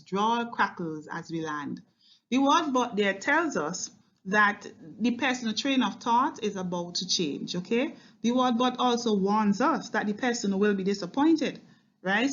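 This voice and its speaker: Female literature teacher, mid pitch, patient line-by-line explainer, lo-fi recording. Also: a bit bright. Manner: explains line by line, often checks in with "okay?". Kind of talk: recorded exam-prep poetry lesson.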